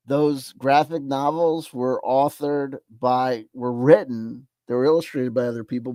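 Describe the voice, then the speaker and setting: A man's voice: mid-range voice, darkish tone, no echo. A man giving blunt, rambling commentary on a video he reacts to, with many restarts. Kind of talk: casual opinionated commentary.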